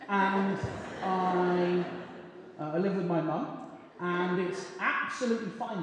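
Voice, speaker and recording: A man's voice: high-pitched, steady tone, takes it slowly, fairly bright tone. A man in his late twenties from Bristol doing a self-deprecating stand-up set, hesitant and full of ums. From Bristol, England. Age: 20s. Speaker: stand-up comedian. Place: comedy club stage with live audience. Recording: echoey hall with crowd noise.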